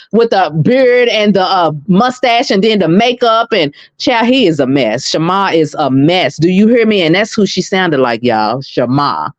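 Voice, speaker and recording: A woman's voice: mid-range voice, no echo. A woman hosting a casual gossip commentary channel, talking animatedly and straight to her viewers. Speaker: channel host. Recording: dull, lo-fi and dry.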